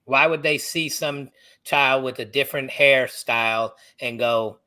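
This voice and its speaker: A middle-aged man, an author from the United States, guest on a podcast, telling personal stories in an animated, halting way. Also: medium pitch. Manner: animated, halting, acts out others' voices. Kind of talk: personal storytelling in a podcast interview.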